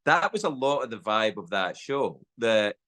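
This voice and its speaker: A man's voice: lowish voice, normal speed. A middle-aged Scottish man telling a story as a podcast guest, swearing freely and acting out the lines of the people in it. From Scotland. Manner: animated storyteller, acts out quotes, swears freely. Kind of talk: casual storytelling chat.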